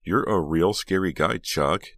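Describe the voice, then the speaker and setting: Casting: wry teenage girl done by a man, lifted pitch, dry comebacks, audiobook reading, dead-dry room. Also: expressive, normal speed, a bit bright, no echo. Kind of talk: audiobook character voice.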